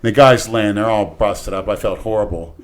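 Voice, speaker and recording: An older man on a podcast telling a rambling, crude story in casual talk, swinging between hushed and loud. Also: on the low side, fairly even intonation, normal speed. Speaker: podcast regular.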